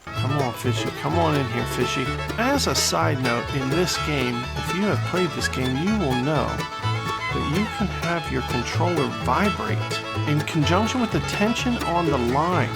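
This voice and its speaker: Excitable gravelly male game commentator. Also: a little high, moderate pace. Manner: excitable, playful, jokey. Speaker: gaming channel host. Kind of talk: gameplay commentary. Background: loud game music.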